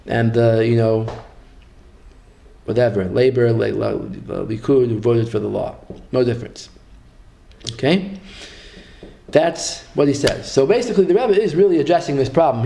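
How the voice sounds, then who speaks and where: A man with a Yeshivish English accent gives a text-study lecture in a fairly high voice. He reads each passage slowly and carefully, then switches to a relaxed, conversational explanation. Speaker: Torah teacher.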